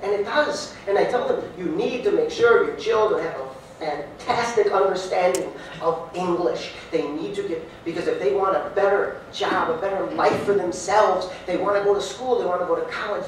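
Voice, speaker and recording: A man who is a mayoral candidate, answering a debate question in a folksy, rambling way full of fillers. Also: high-pitched. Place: large echoey hall, heard from far off. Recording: echoey hall, distant mic, faint hiss.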